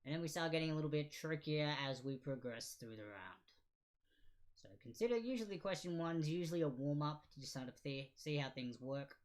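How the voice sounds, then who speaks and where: A man's voice: a little high, a little fast. A young man hosting a livestreamed quiz night in a casual, joking, self-deprecating way, laughing often. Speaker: trivia quiz host.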